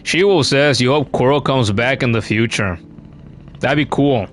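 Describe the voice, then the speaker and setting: A man's voice: mid-range voice, normal speed. A man giving casual, chatty commentary while streaming a game, cursing now and then and reading chat comments aloud.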